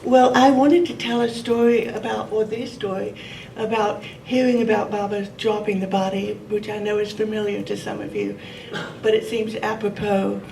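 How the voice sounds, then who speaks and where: A woman's voice: mid-range voice, moderate pace, creaky, slight background noise. Older woman telling a story in a roomy hall. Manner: warm, laughing, gentle and reflective. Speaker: speaker sharing a memory. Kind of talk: personal storytelling to a gathering. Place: meeting room. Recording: roomy hall audio from a distant mic.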